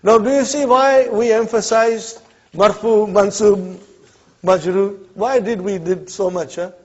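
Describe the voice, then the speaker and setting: A man's voice: sits high, fairly even intonation, unhurried. A man teaching an Arabic class, walking students through example sentences with frequent "huh?" and "okay?" checks, patient and encouraging. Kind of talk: classroom lesson. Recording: dull lo-fi classroom recording.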